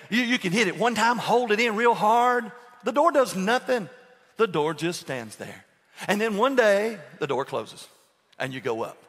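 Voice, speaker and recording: Animated older male preacher in a reverberant church. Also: a little high. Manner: animated humorous storytelling, quizzing the congregation. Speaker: pastor. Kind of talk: sermon. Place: church sanctuary. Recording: long reverb of a large church hall.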